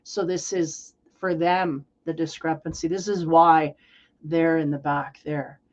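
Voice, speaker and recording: A woman's voice: low-pitched, level tone, unhurried, darkish tone, muffled recording. A woman tarot reader giving a casual spiritual reading in a rambling, playful, conversational way.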